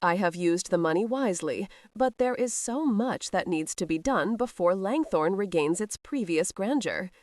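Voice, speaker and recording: A woman's voice: medium pitch, lively intonation, normal speed, few pauses, a little mellow, no echo, lightly acted. A woman voicing a cowardly, fawning knight who keeps making excuses. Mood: evasive. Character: evasive cowardly middle-aged male steward knight.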